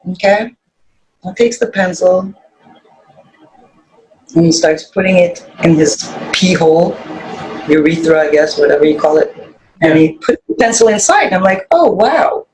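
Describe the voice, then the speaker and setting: A woman guest on a casual podcast, telling a story in an animated way and swearing freely, her voice jumping high when she quotes people. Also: low-quality recording.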